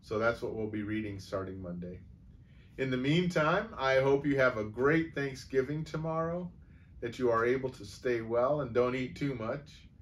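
A man reading a humorous story aloud for a church audience, then signing off in a relaxed, folksy way with fillers. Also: medium pitch, normal speed.

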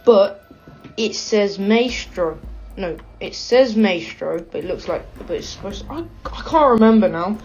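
A woman with a British accent giving excitable, self-mocking gameplay commentary. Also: medium pitch, measured pace, soft background music. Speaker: gaming channel host.

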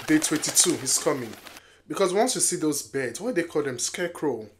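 A movie reaction vlogger chatting casually, talking back to the screen and shouting warnings at the characters. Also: medium pitch, animated, normal speed, noisy background. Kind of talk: casual live reaction to a film. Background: film soundtrack music playing.

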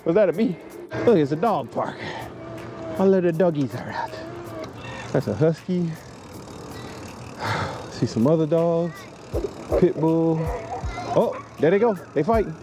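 A man with a fairly high voice vlogs while riding a bike outdoors, joking at his own expense in easy slang. Background music plays clearly beneath his voice. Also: animated, a little slow, long pauses. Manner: joking, self-mocking, loose slang. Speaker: moto vlogger. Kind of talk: casual ride vlog. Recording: music playing under outdoor ride audio.

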